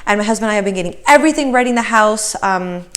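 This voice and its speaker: A woman's voice: mid-range voice, lively intonation, very fast, fairly bright tone. A pregnant woman in her thirties giving a casual vlog update, chatty and slightly out of breath, with many fillers and restarts. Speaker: vlogger.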